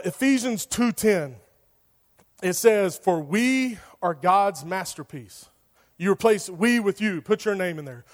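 High-voiced youth pastor. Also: male voice. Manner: casual, joking, lots of "like". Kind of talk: sermon. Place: church hall. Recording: long hall reverb.

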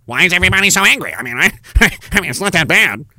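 Man doing a stammering, condescending rich politician, bright dry voice. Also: high-pitched, very animated, fast, no echo, heavily acted. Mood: mock-puzzled. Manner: mock-baffled, stammering, condescending. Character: smug out-of-touch rich male politician.

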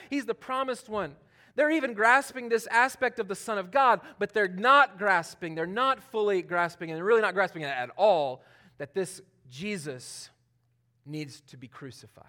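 A man preaching a sermon in a conversational, animated way, acting out what people say. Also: high voice, moderate pace. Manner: conversational, animated, acts out quotes, laughs often. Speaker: pastor.

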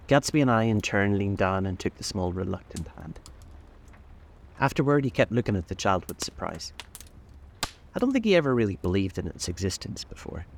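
A man narrating a classic novel as an audiobook, in a measured, deliberate manner. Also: sits low, expressive.

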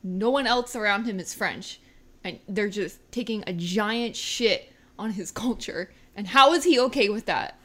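A woman co-hosting a casual movie-review chat, animated and giggly, often exclaiming. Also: medium pitch, measured pace. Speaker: podcast co-host.

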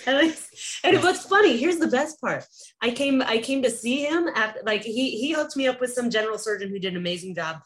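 A woman hosting a podcast, telling a personal story in casual conversation and acting out the people she quotes. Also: fairly quick. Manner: animated, acts out quoted people with big pitch jumps and laughs.

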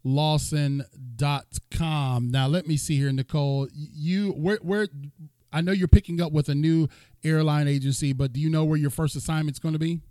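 High-voiced animated male host. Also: normal speed, no room sound. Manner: animated, preachy asides to the audience. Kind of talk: casual interview chat.

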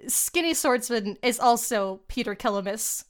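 High-voiced chatty young woman. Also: animated, unhurried, clear, resonant tone. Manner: chatty, giggly, uses slang and fillers. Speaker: podcast co-host. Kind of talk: casual chat reviewing a film.

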